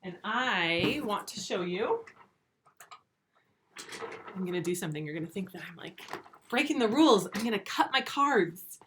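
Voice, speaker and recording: A woman teaching first graders in a recorded video lesson, speaking slowly and clearly, stretching words out and asking patient, encouraging questions. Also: mid-range voice, animated, a bit bright, slight background noise. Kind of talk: remote video lesson for young children.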